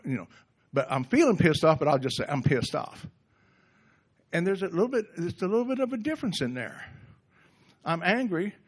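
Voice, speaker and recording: A middle-aged man giving a gentle, reflective recovery workshop talk in a conversational way, often restarting his sentences. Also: on the high side. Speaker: workshop speaker.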